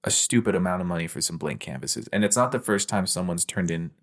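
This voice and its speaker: A man's voice: deep voice, lively intonation, fast talker. A young man co-hosting a podcast, chatting casually and joking, swearing freely. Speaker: podcast co-host. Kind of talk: casual chat.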